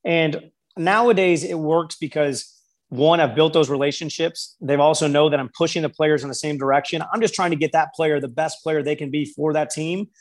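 Man, basketball skills coach, interview, storytelling, slightly high voice. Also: normal speed. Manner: storytelling, quotes people in lively voices. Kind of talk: interview conversation.

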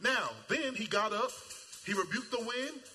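Male preacher, high and sharp-toned, animated and colloquial, sermon in a reverberant hall. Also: measured pace, faint music behind. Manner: animated, acts out voices, shouts at peaks; casual colloquial speech. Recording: long hall reverb, faint ambience.

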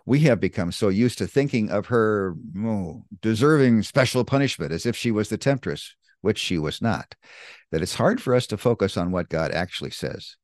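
Casual: guy teaching scripture, punchy and deliberate, super dry recording. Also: on the low side, lively intonation, darkish tone, dry recording. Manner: deliberate, emphatic, spells out key words. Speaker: Bible teacher.

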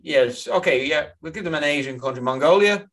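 A man's voice: on the high side, animated, brisk, fairly bright tone. Laid-back young man. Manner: laid-back, agreeable, dry humor. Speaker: podcast co-host. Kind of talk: casual chat.

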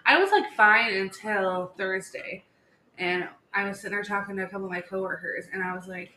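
Woman in her 30s gabbing on a podcast, lots of "like", bright voice, echoey room. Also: medium pitch, brisk. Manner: chatty, animated storytelling with many "like"s. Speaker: podcast co-host. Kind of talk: casual chat. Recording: echoey room with faint background hiss.

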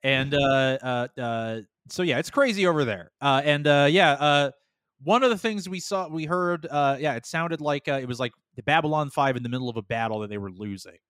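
A man's voice: mid-range voice, fairly quick, fairly bright tone, smooth, no room sound, clean studio sound. A man co-hosting a casual podcast chat, rambling and joking with frequent swearing. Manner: rambling, profane, jokey. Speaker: podcast co-host.

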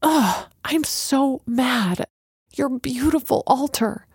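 A woman's voice: sits high, expressive, slow pace, slightly rough, no room sound, clean studio sound, pitched above the performer's own voice, full character voice. A woman voicing an upset young woman who questions and protests in a raised, agitated voice. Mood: upset, indignant.

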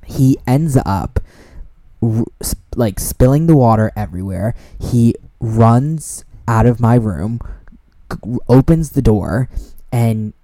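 A young man hosting a podcast, telling a story in a casual, animated way, swearing freely and using lots of fillers. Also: medium pitch, slow pace, dry recording. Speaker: podcast host.

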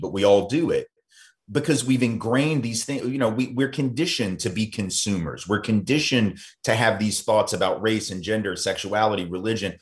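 American man, low voice, earnest guest in a conversation, repeats and fillers. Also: animated, normal speed. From United States. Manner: acts out quoted voices in higher pitch. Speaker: podcast guest, author and speaker. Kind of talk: conversational interview.

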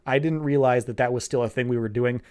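A man's voice: medium pitch, fairly even intonation, fast, darkish tone, clean tone. A man giving a rambling, sarcastic and profane comedic recap of a cartoon plot. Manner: sarcastic, rambling, swears a lot. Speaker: show recapper.

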